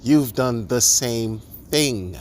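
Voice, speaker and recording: This crypto commentator's rant is expressive, his mid-range voice stretching words out as he fires off rhetorical questions and restarts sentences. He sounds exasperated and sarcastic throughout, with slight background noise.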